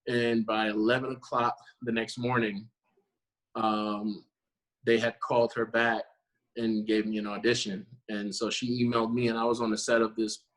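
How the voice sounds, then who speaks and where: Animated man telling a story, mid-pitched. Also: poor audio. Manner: animated storyteller, acts out quotes, laughs often. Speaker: guest actor. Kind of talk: casual storytelling interview.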